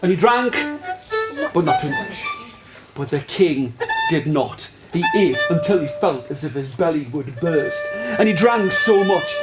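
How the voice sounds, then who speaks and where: Lively male storyteller with loud fiddle behind. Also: fairly high pitch, a little slow, loud music behind the voice. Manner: lively, coaxing the audience to join in. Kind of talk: live participatory storytelling.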